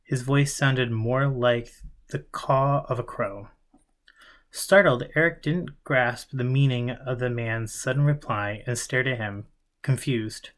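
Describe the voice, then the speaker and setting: A man's voice: medium pitch, slow pace, fairly bright tone. Man reading a novel aloud. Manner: occasional slips and self-corrections. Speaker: audiobook reader.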